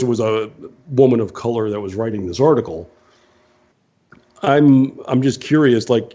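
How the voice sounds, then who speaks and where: A man's voice: mid-range voice, mellow. A man co-hosting an online radio show, joking sarcastically about politics in casual banter. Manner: sarcastic, mocking. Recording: dull lo-fi online radio audio.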